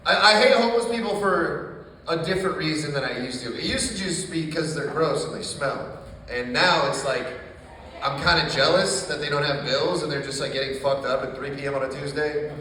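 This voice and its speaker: A man tells dark, deadpan stand-up jokes to a tiny crowd in a coffee shop, swearing freely. His voice sits a little high. He sounds distant, with a long echo from a hard room and a faint hiss behind him. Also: brisk. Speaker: stand-up comedian. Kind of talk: stand-up set. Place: small coffee shop stage.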